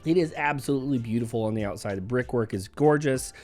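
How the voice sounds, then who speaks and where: A man talks viewers through homes for sale in a casual, upbeat voice-over, his throat a little hoarse after being sick. His pitch sits in an ordinary middle range. Faint music plays quietly underneath. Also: quick pace. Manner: upbeat, chatty and conversational. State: hoarse from recent illness. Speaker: real estate agent. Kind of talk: casual real estate video walkthrough.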